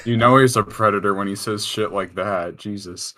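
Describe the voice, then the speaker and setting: A man's voice: lowish voice, moderate pace, sharp tone. A man co-hosting a casual commentary chat, blunt and crude, pushing the host to keep reading.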